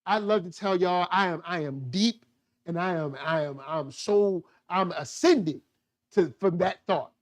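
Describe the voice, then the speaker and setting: A man's voice: high voice, unhurried. Slangy man riffing on a TV show. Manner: slangy, animated, acts out quotes in voices. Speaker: show host. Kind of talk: casual TV review chat.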